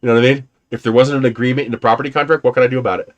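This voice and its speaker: A man at an ordinary pitch chats loosely on a livestream. He drifts from one story to the next, laughing and cursing casually. His delivery is loose and unscripted. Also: fairly even intonation, very fast, highs cut off. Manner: rambling storyteller, laughs often, swears casually. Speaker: livestream host. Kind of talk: casual rambling livestream chat.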